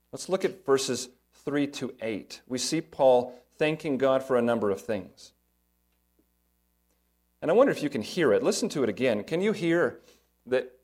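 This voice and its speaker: A man's voice: medium pitch, darkish tone. A man, a pastor, preaching an earnest sermon, stressing points and asking rhetorical questions.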